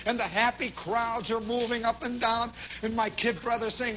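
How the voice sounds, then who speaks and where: A man telling a long personal story as a radio monologue, animated, swinging from hushed to shouting. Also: very high voice, normal speed, dull audio, noisy background.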